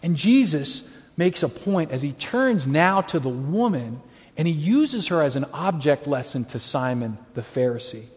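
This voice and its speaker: A man's voice: on the high side, lively intonation, a little slow, a little mellow. A man preaching a sermon, telling stories animatedly and acting out the voices of people he quotes. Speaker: pastor. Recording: long hall reverb.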